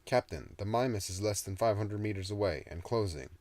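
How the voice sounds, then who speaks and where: A man's voice: lowish voice, expressive, fairly quick, darkish tone. A man voicing a crew lookout giving an urgent report to the captain in a read-aloud story.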